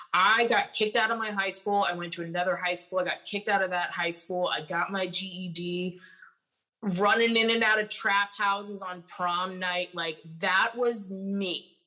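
A young woman recounting her past on a podcast, blunt and unfiltered, swearing often and leaning on filler words. Her voice sits somewhat low but carries a bright, forceful edge. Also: poor audio. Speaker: podcast guest. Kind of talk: candid personal storytelling.

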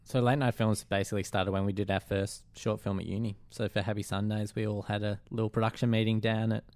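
A man, a filmmaker guest, explaining in quick, matter-of-fact casual chat. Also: fairly low pitch, little pitch movement, a little mellow, dry recording.

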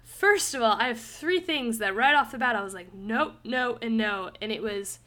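Bright, chatty young woman. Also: on the high side, fairly quick. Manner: animated, laughs often, says "like" a lot. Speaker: podcast host. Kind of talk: casual book review chat.

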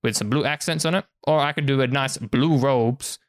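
A man's voice: medium pitch, normal speed, no room sound, clean studio sound, close to an everyday voice. A man voicing an eager male clothing merchant with pushy sales patter. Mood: persuasive.

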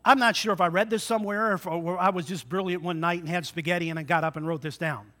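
A male pastor preaching a sermon, acting out the story in lively retellings and asking the congregation rhetorical questions. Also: high voice, quick pace. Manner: dramatic retellings with shifting loudness.

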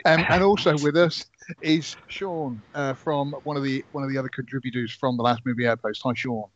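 A man's voice: mid-range voice, steady tone, brisk, no echo. A man with an English accent hosting a podcast, chatting casually and laughing often. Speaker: podcast host. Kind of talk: casual chat. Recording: slightly dull lo-fi sound.

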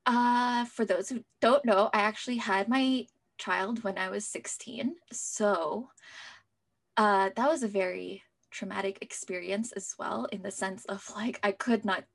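Her voice is mid-range and gravelly, her intonation fairly even, and her pace unhurried. She's a young woman being interviewed about her own life, chatting with plenty of "like" fillers and sometimes dropping into a soft near-whisper.

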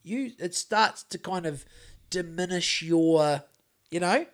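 A man's voice: high-pitched, takes it slowly. A man, co-hosting a podcast in casual chat, rambling and swearing with lots of restarts. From New Zealand. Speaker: podcast co-host.

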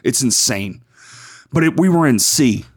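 A man hosting a podcast, telling con stories in a profane, animated casual way. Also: medium pitch, unhurried, slightly rough. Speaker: podcast host.

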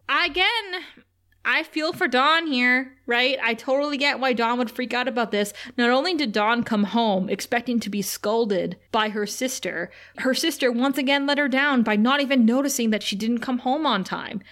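A woman co-hosting a casual podcast, retelling scenes with lively quoted lines. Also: fairly high pitch, moderate pace. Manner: animated retelling, quoting characters in put-on voices. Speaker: podcast co-host. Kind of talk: casual recap chat.

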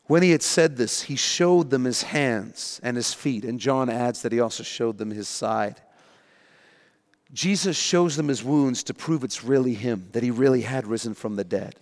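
Male pastor, expressive storyteller, mid-pitched voice, long hall reverb. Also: moderate pace. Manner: animated storytelling, acting out panicked voices. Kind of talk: sermon.

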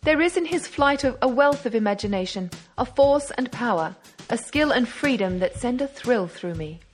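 A woman's voice: on the high side, animated, normal speed. Woman reading as an exultant young detective. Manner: eager, triumphant reasoning. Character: brash young male amateur detective, exultant.

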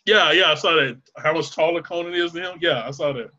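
A man's voice: on the high side, fast talker, pushed and bright, lo-fi sound. A man chatting casually as co-host, cursing freely, laughing often and acting out movie lines. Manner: profane, laughs a lot, acts out movie quotes. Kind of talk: casual chat.

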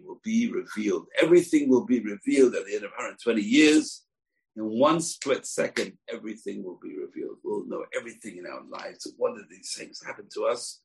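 A man teaching the weekly Torah portion in a low, gravelly voice. He tells the story with energy, acts out each quote, and often stops on a filler. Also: a little fast.

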